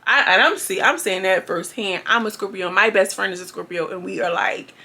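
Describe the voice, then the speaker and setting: A woman's voice: medium pitch, brisk, pushed and bright. A woman YouTuber giving a chatty, slangy recap of a reality show, acting out the quotes as she goes. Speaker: YouTube reviewer.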